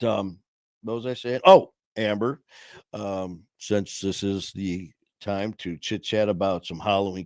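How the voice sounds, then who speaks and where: Man, middle-aged, live show host, rambling, joke-telling, lots of fillers, lowish voice, dry close studio mic. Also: darkish tone, no echo. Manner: loose and chatty, many fillers and restarts. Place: small studio.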